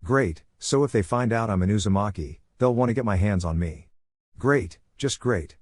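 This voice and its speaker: A man voicing a grumpy, sarcastic young woman with a deadpan delivery. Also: fairly low pitch, moderate pace, no room sound, studio quality. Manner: deadpan, groaning.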